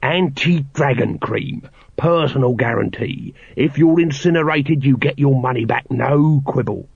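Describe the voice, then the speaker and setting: A man voicing a shifty, fast-talking male street hawker with a wheedling salesman's patter. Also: mid-range voice, vocal fry, husky, no echo. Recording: dry, slightly dull studio recording.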